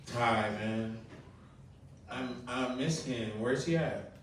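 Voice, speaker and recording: Rambling comedian in an echoey club. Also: male voice, mid-range voice, slight background noise. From Colombia. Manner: rambling, halting delivery with many ums and laughs. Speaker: stand-up comedian. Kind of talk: open mic stand-up, crowd work. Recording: echoey room, mic far off.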